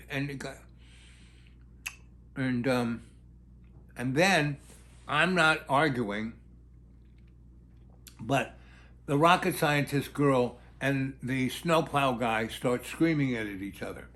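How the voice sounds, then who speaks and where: A man telling a long, rambling personal anecdote in a halting way, with many restarts. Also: medium pitch, a bit bright. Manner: halting, full of fillers and restarts, acts out quoted voices. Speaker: storyteller.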